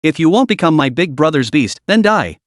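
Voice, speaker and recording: A man voicing a brash, trash-talking male magpie beast who bullies others loudly. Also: on the high side, very animated, brisk, no echo, studio quality. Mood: sneering bully. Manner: sneering, bullying, loud.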